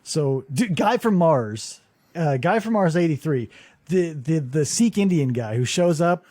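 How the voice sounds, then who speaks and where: Male podcast co-host, high and very lively voice, incredulous, profane recap chatter. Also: a little slow, no echo, clean studio sound. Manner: animated, incredulous, swears often, many "like" fillers. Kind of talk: casual comedic recap chat.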